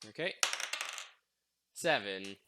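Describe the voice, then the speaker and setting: A man's voice: fairly low pitch, expressive, takes it slowly, background noise. A man playing a tabletop role-playing game, joking and talking as his character in first person. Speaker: player. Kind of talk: casual tabletop game play.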